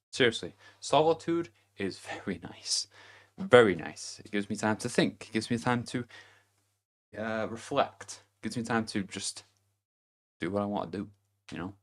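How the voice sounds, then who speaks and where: A man giving a casual motivational monologue to camera, blunt and profane, chuckling between his points. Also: on the low side. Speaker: vlogger.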